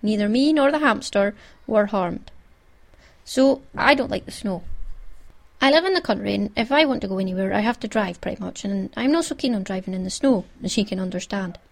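A woman's voice: medium pitch, animated, a little fast, gravelly. A woman with a Scottish accent chatting casually and wryly as a host, amused at her own stories. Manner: chatty, wry, self-amused. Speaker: podcast host. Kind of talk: casual chat.

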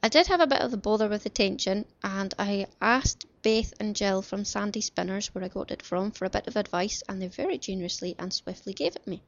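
Gravelly-voiced woman chatting about crafts. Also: medium pitch, a little fast, few pauses, no echo. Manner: cheerful, rambling, self-deprecating asides. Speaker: podcast host. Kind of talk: chatty craft podcast talk. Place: bedroom at home. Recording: slightly dull lo-fi home recording.

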